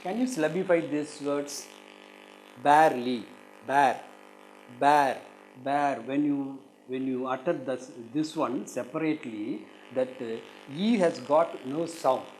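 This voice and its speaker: Unhurried and slightly mellow at a mid-range pitch, a man teaching English with an Indian English accent delivers a recorded exam-prep lesson, saying each word several times with emphasis on the stressed syllable. The audio is poor, carrying a little hiss or hum.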